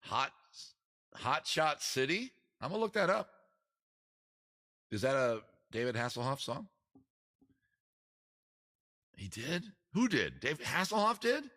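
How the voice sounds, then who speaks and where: A man's voice: mid-range voice, sing-song, measured pace, long pauses, sharp tone. A man hosting a casual live-stream trivia quiz, joking around and teasing the players. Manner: joking, teasing, crude asides. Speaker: host running a trivia quiz.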